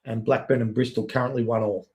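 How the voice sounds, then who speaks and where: A man giving live, excitable play-by-play on a fan watch-along stream, chatting with viewers between plays. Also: medium pitch. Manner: excitable, quick play-by-play with frequent "yep"s. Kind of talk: live match commentary and chat with viewers.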